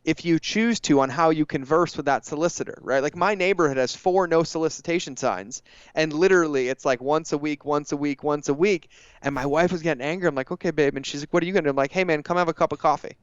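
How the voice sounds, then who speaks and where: A man talking as a guest on a podcast in a casual, energetic way, driving his points home with repetition. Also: on the high side, fast, smooth, no echo, dull audio. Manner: energetic, emphatic, repeats phrases for effect. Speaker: guest entrepreneur.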